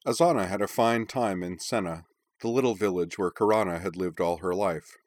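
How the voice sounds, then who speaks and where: A man reading a story aloud in calm, even audiobook narration. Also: deep voice, normal speed, dry recording.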